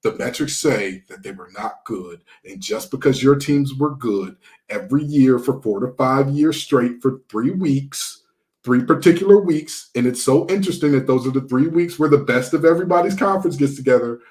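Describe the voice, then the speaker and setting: Sarcastic animated man hosting sports talk. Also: medium pitch, normal speed. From Detroit. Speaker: sports podcast host.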